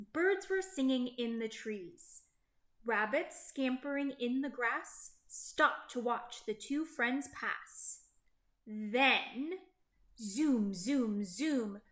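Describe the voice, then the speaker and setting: A woman reading a children's picture book aloud in an animated, sing-song way. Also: high-pitched. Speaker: storybook reader. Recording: roomy echo.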